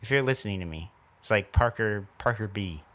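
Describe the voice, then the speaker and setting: A man's voice: lowish voice, fairly quick, fairly bright tone. A man co-hosting a podcast in casual chat, rambling and chatty, laughing easily. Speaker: podcast co-host.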